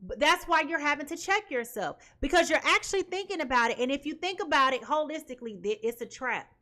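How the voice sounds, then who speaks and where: A woman's voice: high-pitched, animated, a little fast, bright, forceful tone. A woman reading tarot for her viewers in an emphatic way, often checking in with "okay?". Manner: emphatic, keeps asking "okay?". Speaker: tarot reader.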